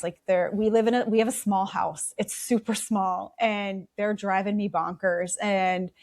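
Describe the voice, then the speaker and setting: A middle-aged woman from South Dakota with an Upper Midwest accent, telling stories chattily in a relaxed interview, acting out the voices she quotes. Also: medium pitch, moderate pace, hardly any pauses. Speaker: guest. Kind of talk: casual conversational storytelling.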